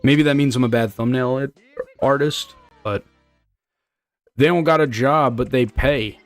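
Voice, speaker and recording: An unhurried young streamer with a mid-range voice speedruns and chats loosely with his viewers, with soft background music and no echo. He reads messages aloud, rambling, joking and swearing in a casual way.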